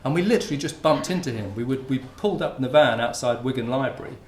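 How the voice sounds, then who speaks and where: A man's voice: mid-range voice, expressive, quick pace, a little hiss or hum. A man from Hertfordshire giving an informal conference talk, often restarting his sentences. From Hertfordshire, England. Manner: informal, with many restarts and fillers. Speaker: university researcher giving a talk. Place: lecture room. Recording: roomy lecture-room sound.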